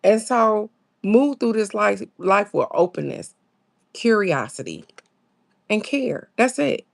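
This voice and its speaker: A woman's voice: animated, takes it slowly, creaky. A woman, hosting a casual spiritual chat, reading affirmations and greeting viewers, laid-back and musing. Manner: chatty, greets viewers by name, reads affirmations aloud; laid-back, musing, with sudden high exclamations. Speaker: host of a daily card-reading stream.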